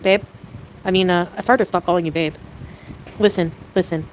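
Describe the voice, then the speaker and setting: A woman chatting casually on a livestream, excitable and giggly, with quick swings in mood. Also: fairly low pitch, a little hiss or hum, rough recording.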